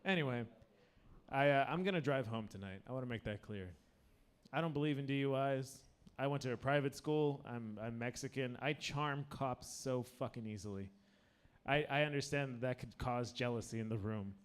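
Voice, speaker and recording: A stand-up comedian from the United States, a little drunk, delivers a crude and rambling open-mic set with a handheld mic, interrupting himself often. His medium-pitched voice has a clean tone and a normal pace.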